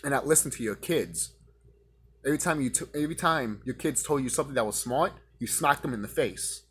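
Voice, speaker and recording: A man delivering a profane, confrontational rant straight at his audience, now and then mocking his critics in a higher voice. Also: expressive, a little fast, a bit bright, slightly rough. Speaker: vlogger ranting to camera.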